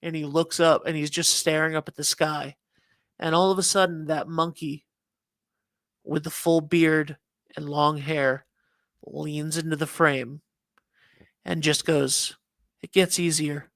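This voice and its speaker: A man's voice: on the high side, level tone, measured pace, vocal fry, pauses often, fairly bright tone, no room sound. A man co-hosting a casual morning chat show, telling long, rambling stories with many restarts. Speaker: co-host.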